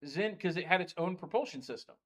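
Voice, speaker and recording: A man's voice: high-pitched, fast. A man acting as dungeon master, chatting casually on a livestream in a game store and rambling through game lore with lots of fillers.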